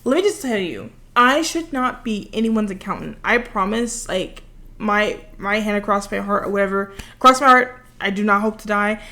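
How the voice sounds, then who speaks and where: A vlogger in her twenties rambles through a long, self-deprecating story while she builds something, speaking close to a desk microphone. Her medium-pitched voice is bright and forceful, with lively intonation and a moderate pace.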